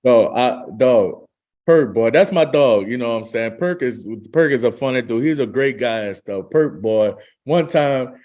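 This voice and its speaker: Animated New storyteller. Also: male voice, medium pitch, moderate pace. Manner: animated storytelling, laughing, slangy. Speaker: podcast guest. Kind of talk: casual storytelling.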